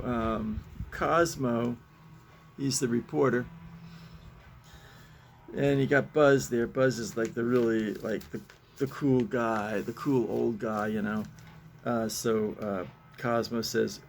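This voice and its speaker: A man's voice: mid-range voice, steady tone, takes it slowly, gravelly, slight background noise. A man in his seventies reading comic strips aloud in a casual, rambling way, chuckling often and restarting his sentences. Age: 70s. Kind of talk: casual chat.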